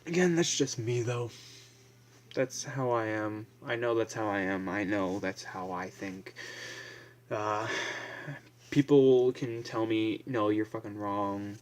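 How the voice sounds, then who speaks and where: A man's voice: fairly low pitch, slow pace, long pauses. A young man vlogging in a casual, blunt, profane ramble, full of fillers and restarts.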